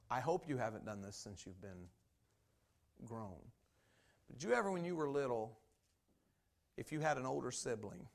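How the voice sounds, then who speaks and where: A man preaching a sermon as pastor, folksy and animated, with many fillers and asides. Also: medium pitch, vocal fry.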